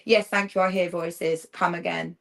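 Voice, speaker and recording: A woman's voice: fairly low pitch, little pitch movement, moderate pace, gravelly, fairly bright tone. A woman livestreaming a rambling personal monologue, sardonic and swearing freely as she jumps between topics.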